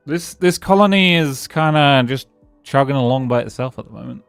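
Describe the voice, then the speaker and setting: A man's voice: medium pitch, animated, normal speed, vocal fry, clear, resonant tone, no room sound, faint music behind. A man streaming a game live, rambling casually and answering his chat as he plays. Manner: rambling, chatty, answers chat and thanks followers.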